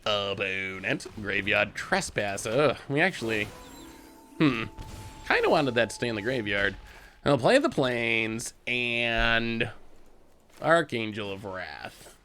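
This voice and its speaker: Lively, chatty man commenting on gameplay. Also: fairly low pitch, slow pace, slight background noise. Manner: chatty, self-amused, laughs often. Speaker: host.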